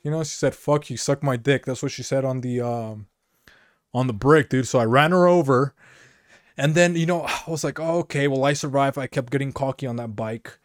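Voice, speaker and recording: A man's voice: medium pitch, fairly quick, no echo, clean studio sound. A man from Mexico co-hosting a podcast, telling a rambling comic story and dropping "dude" and "you know" constantly. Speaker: podcast co-host. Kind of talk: casual comedic storytelling.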